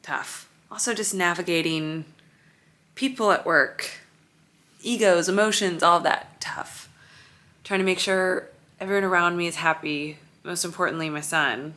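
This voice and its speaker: This time her voice sits on the lower side, moving at a normal pace with a bright, forceful edge. The thirty-something vlogger and mother is still worn out and overwhelmed, chatting confessionally in her apartment during the move, tired, emotional and meandering.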